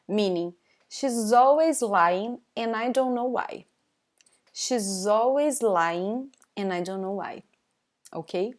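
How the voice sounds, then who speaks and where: A woman's voice: mid-range voice, takes it slowly. A young woman from Brazil with a Brazilian Portuguese accent, teaching a live online language class in English, often checking in with "okay?" and repeating each example twice.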